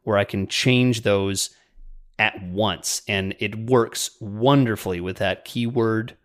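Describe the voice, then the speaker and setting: A man's voice: on the low side, takes it slowly. Man, podcast co-host, casual chat, step-by-step explainer, laughs easily.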